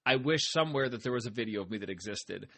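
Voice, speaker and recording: A man's voice: mid-range voice, lively intonation, quick pace, creaky, pushed and bright, breathy edge. A man hosting his own podcast, talking in a casual, upbeat way and often speaking straight to his listeners. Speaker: podcast host; farmer. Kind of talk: casual motivational monologue.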